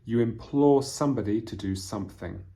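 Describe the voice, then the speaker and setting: Deep-voiced man explaining vocabulary. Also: fairly quick, gravelly, mellow. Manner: explanatory, with frequent fillers. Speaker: English teacher. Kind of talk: vocabulary lesson reading from a storybook.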